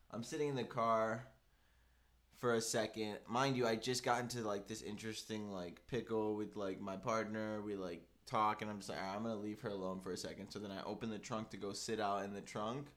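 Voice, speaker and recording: A man's voice: on the low side, normal speed. A young man casually telling a story with lots of fillers, acting out the voices of the people he quotes. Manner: animated, filler-heavy, acts out quoted voices.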